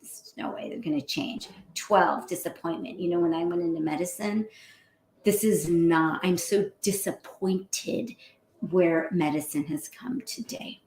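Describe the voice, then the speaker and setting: A woman physician hosting a show, giving a casual motivational talk in a lively, chatty way and laughing often. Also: fairly low pitch, unhurried, slight background noise. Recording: roomy echo.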